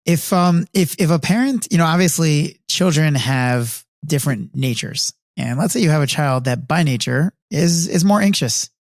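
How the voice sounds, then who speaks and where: A man's voice: fairly high pitch, expressive, no echo. Agreeable male podcast host, dry sound. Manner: agreeable, frequent "right, right" backchannels, halting questions. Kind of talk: casual podcast interview.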